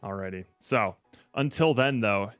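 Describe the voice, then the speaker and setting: A man's voice: lowish voice, measured pace, a bit bright, clean tone, no room sound, faint music behind. A man hosting a live stream, chatting casually in a jokey, slangy way. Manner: jokey and slangy, wrapping things up. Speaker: stream host.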